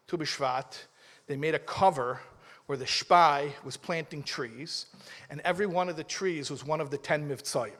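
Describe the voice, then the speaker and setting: Animated rabbi, fairly high voice. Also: male voice. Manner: animated, acts out dialogue, mumbles asides. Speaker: rabbi giving a talk. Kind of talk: storytelling sermon to a live audience.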